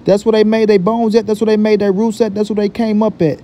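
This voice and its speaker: A man's voice: high voice, little pitch movement, fast talker, warm tone. A man hosting a boxing vlog, giving his opinion in emphatic, repetitive talk full of profane street slang. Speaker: boxing commentary vlogger.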